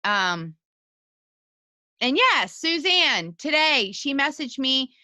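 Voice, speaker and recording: Woman co-host, bright voice, dry close sound, rambling casual encouragement on a video call. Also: high voice, very animated, slow pace, no echo. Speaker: team leader co-hosting a motivational call. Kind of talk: casual motivational chat.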